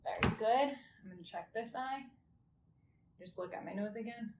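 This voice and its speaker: A woman guiding someone through a clinical health exam step by step, gentle and reassuring, often checking in with "okay?". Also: on the high side, moderate pace. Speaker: examiner doing a health assessment. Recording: roomy with faint background noise.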